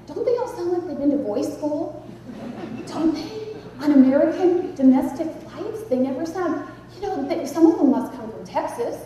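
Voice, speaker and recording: A woman's voice: high voice, moderate pace. A woman speaker telling a dramatic, humorous story to a conference audience. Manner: lively, dramatic, animated. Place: large conference hall. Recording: echoey hall, distant mic, background noise.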